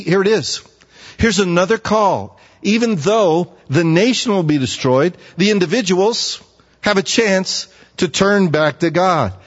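A man preaching a sermon, asking his listeners questions and getting animated when he acts out a pleading voice. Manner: animated, rising high when acting out pleading; asks the audience questions. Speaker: pastor. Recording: dull, echoey hall.

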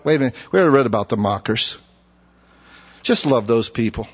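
A middle-aged man preaching a sermon with humor, acting out conversations with himself in an animated way. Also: medium pitch, fairly quick, breathy edge, dull audio. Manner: animated, humorous, acts out inner dialogue. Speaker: pastor.

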